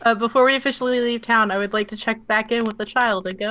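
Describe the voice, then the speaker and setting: A woman's voice: on the high side, steady tone, quick pace, pushed and bright, highs cut off, slight background noise. A woman playing in a tabletop game, chatty and laughing, with many fillers. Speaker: player. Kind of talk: casual tabletop play.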